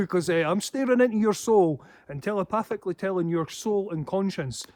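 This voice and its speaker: A man's voice: high-pitched, animated, moderate pace, darkish tone, no room sound. A man rambling in a casual monologue, swearing heavily and laughing to himself. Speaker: paranormal channel host.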